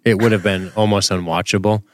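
A man co-hosting a podcast, chatting casually with dry jokes and a measured delivery. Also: fairly low pitch, steady tone, no room sound. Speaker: podcast co-host. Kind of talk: casual TV rewatch podcast chat.

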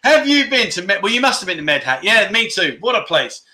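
A man's voice: high voice, big pitch swings, a little fast, bright, forceful tone. A man in his fifties hosting a casual livestream, chatting and reading out viewer comments between rambling anecdotes. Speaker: livestream host.

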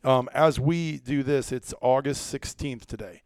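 A man's voice: medium pitch, unhurried, clear, resonant tone, dry recording. Guy hosting a hunting chat, laughs a lot, voices his buddies, dry close sound. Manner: excited storyteller, laughs often, acts out quotes. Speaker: hunting podcast host. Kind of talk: casual storytelling chat.

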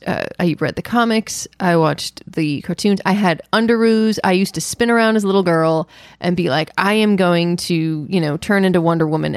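A woman co-hosting a podcast, chatting in an animated, storytelling way. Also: fairly low pitch, no echo, clean studio sound. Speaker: podcast co-host. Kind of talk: casual chat.

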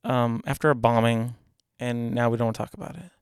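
A man's voice: mid-range voice, moderate pace, clear, resonant tone, no echo, clean studio sound. A man co-hosting a podcast in casual chat, talking emphatically and asking pointed questions. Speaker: podcast co-host.

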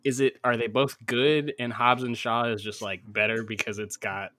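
A man chatting on a podcast in a bright, forward voice. He rambles with plenty of "um"s and restarts, and the sound is close and dry, with no room around it. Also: medium pitch, level tone, moderate pace, dry recording. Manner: rambling, many fillers and restarts. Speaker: podcast co-host. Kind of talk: casual chat.

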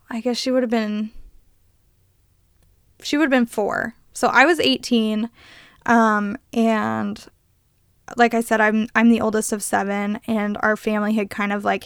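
A woman's voice: a little high, little pitch movement, slow, long pauses, smooth, no echo, clean studio sound. A woman in her twenties co-hosting a podcast, telling stories in casual chat with lots of "like" fillers. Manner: chatty storyteller, many "like" fillers. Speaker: podcast co-host.

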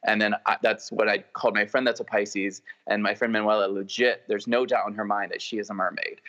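A young man co-hosting a podcast, telling gossipy stories in an animated way, full of "like". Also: on the low side, fairly quick. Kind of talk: casual chat, storytelling. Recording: dull lo-fi recording.

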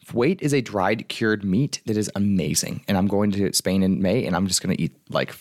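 A man's voice: low-pitched, moderate pace, dry recording, clean studio sound. A young man, a life coach, talking casually and rambling with lots of fillers from his apartment. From United States. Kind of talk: casual solo talk.

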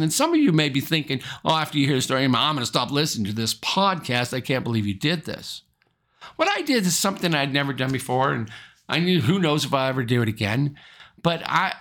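A man's voice: fairly high pitch, fairly bright tone. A man, a pastor, preaching a sermon and telling a personal story in an earnest, storytelling way.

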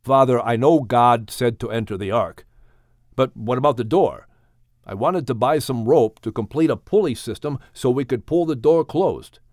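A man's voice: mid-range voice, moderate pace, a little mellow, dry recording, studio quality, lightly acted. A male audiobook reader voicing a young adult son who speaks in an earnest, apologetic way. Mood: worried. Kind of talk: audiobook character reading.

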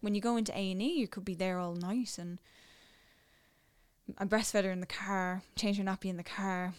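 A young woman with an Irish accent, casually telling a personal story, dropping to a hush and then getting excited. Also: mid-range voice, moderate pace, clear, resonant tone. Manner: animated, swings between hushed and excited. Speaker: new mother telling her story.

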